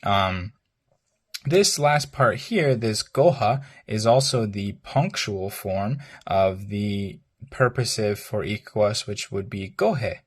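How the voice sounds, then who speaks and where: A man teaching a language lesson, hesitant with many ums, spelling out words and repeating phrases slowly. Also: lowish voice, breathy edge.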